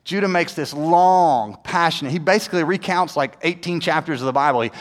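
A man preaching a sermon, telling the story with animated delivery and acting out the characters' lines. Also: on the high side, brisk, hardly any pauses, long reverb tail. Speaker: pastor.

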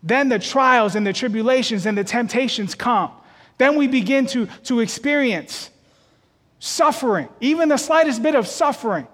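High-voiced man preaching in a hall. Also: expressive, moderate pace, fairly bright tone. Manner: repeats words while building, rising to emphatic peaks. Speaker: pastor. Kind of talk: sermon. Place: church.

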